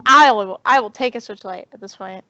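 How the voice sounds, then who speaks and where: A woman's voice: mid-range voice, brisk, bright, forceful tone, no room sound. A woman co-hosting a podcast, chatting eagerly and repeating herself as she goes. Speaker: podcast co-host. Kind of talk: casual chat. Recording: dry, dull lo-fi sound.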